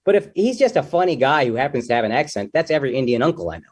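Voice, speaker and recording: A man's voice: medium pitch, big pitch swings, racing. A young man, a comedian guest in a casual interview, talking loosely and jokingly, with lots of "dude" and "like".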